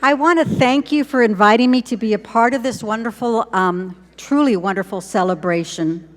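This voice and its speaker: A woman superintendent giving a graduation speech, warm and encouraging, with deliberate pauses. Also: fairly high pitch, a faint crowd. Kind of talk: ceremonial speech. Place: large hall at a graduation ceremony. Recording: long hall reverb.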